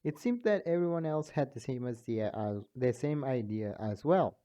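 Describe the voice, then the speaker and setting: A man's voice: mid-range voice, expressive, dark tone. A young man casually reading a fan story aloud, stumbling and restarting, on a dull lo-fi home mic. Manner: slow, stumbling, restarts often. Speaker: fan fiction reader and narrator.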